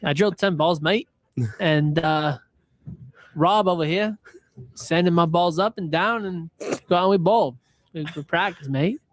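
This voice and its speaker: Put-on breezy bowler, a man doing a bad mock Australian accent, pitched a bit high, dry room. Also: moderate pace, pauses often, dry recording, natural voice. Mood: joking. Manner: exaggerated, jokey put-on voice.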